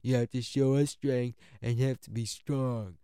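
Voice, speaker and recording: A man doing a comedic impression of a brash, combative older male politician, loud and emphatic. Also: medium pitch, fairly even intonation, smooth, no room sound, natural voice. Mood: rousing. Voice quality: exaggerated, deliberately nasty-sounding impression. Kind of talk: comedic impression within a narrated history talk.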